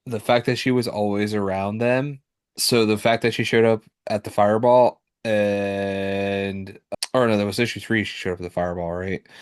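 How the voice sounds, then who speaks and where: Rambling co-host on a comic podcast. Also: male voice, fairly low pitch, no room sound, studio quality. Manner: rambling, with fillers and self-corrections. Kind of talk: casual chat.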